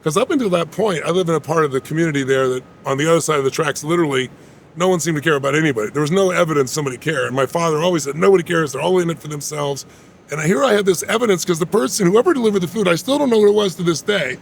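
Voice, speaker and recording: A man in his sixties, a guest in an interview, telling a personal story in an animated, emphatic way with a gravelly voice. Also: fairly high pitch, very fast, slight background noise.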